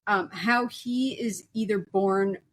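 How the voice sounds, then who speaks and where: A woman with a medium-pitched voice speaks slowly while co-hosting a film podcast. She's jokey and rambles in casual conversation, restarting her sentences many times.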